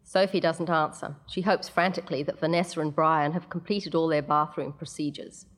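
Low-voiced woman reading a story aloud. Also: fairly even intonation. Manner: measured, slipping in casual asides. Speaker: narrator.

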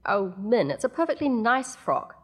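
A woman's voice: on the high side, very animated, normal speed, breathy edge, pitched above the performer's own voice. A woman reading a story, voicing a harried mother who coaxes her children in a raised voice. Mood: coaxing. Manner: raised, coaxing and exasperated. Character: harried, exasperated mother of three.

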